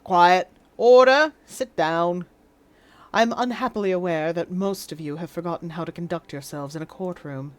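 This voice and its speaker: A woman's voice: fairly low pitch, mellow, voice pushed down, natural voice. Woman doing a stern, clipped courtroom judge. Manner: haughty, clipped put-on upper-class English.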